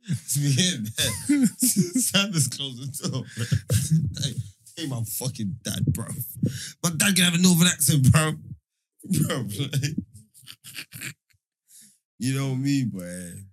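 A young man tells a story in a relaxed chat, packing his talk with slang fillers. His voice is a little husky. His pitch swings widely as he gets into it. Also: unhurried, long pauses. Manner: animated, laughing, full of London slang fillers.

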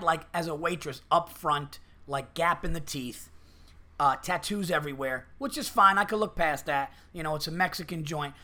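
A man's voice: high-pitched, sharp tone. A man hosting a podcast, telling stories in a rambling, profane way and acting out what people said. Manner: profane, rambling storytelling with acted-out quotes. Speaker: podcast host. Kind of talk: casual podcast chat.

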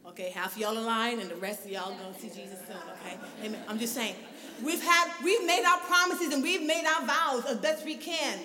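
A woman preaching a lively, expressive sermon in a church that builds to shouted fervor. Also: on the high side, fairly quick. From from abroad, grew up outside the country. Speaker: guest preacher. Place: church sanctuary. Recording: echoey hall, mic at a distance.

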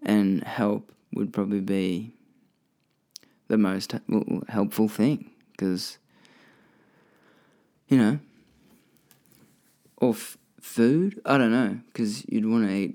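Australian man, podcast host, gravel in the voice, lowish pitch, swears and rambles. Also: a little slow, pauses often, warm tone. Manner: rambling and profane, self-correcting. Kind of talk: casual podcast chat answering listener questions.

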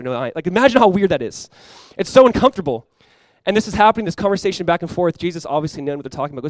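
A young adult man preaching a sermon as pastor, animated and acting out playful voices for the disciples. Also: sits high, racing, hardly any pauses, no room sound.

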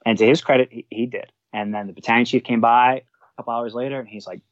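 A man's voice: medium pitch, fast talker, dry recording, lo-fi sound. A man, a fire department supervisor, telling a work story in a casual way and acting out the quoted dialogue. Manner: animated, acts out quoted dialogue.

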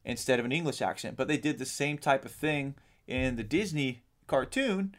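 A man's voice: mid-range voice, moderate pace. A man co-hosting a podcast, talking casually in a rambling way, with lots of ums and casual swearing. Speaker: podcast co-host. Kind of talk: casual chat.

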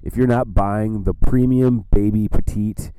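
Brief: low dry-sounding man, comedian guest, wry deadpan chat. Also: a little slow, clear, resonant tone, no echo. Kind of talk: casual chat. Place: Milwaukee area.

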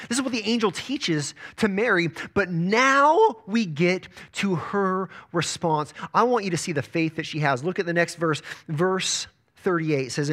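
A man's voice: high-pitched, unhurried, hardly any pauses, a bit bright. A man preaching a sermon as pastor, emphatic and repeating words as he builds his points.

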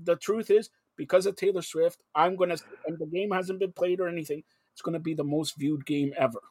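A man's voice: a little high, fairly even intonation, a little fast, a little mellow, husky, dry recording. A man hosting a sports talk radio show, brash and jokey, steering the chat with leading questions.

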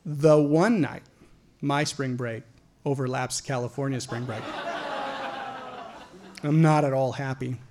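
A man from Idaho telling a personal story to an audience, animated and profane, often stumbling into repeated words. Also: medium pitch, slow pace, pauses often. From Idaho, USA.

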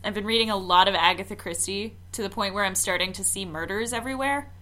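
A woman co-hosting a podcast, chatting casually with teasing, quick reactions. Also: medium pitch, sharp tone. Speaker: podcast co-host. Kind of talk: casual chat.

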